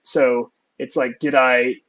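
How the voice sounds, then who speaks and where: A man's voice: medium pitch, little pitch movement, slow pace, fairly bright tone, highs cut off. A young adult man, a music teacher, talking earnestly and reflectively in a casual podcast chat, with plenty of fillers.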